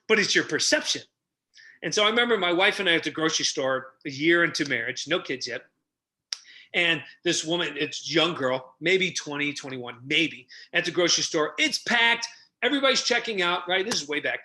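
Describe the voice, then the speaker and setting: A middle-aged man who tells stories with a lot of energy on a podcast and acts out the people he quotes. He works as a relationship coach. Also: brisk. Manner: energetic, acts out quotes with big pitch jumps. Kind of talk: animated storytelling.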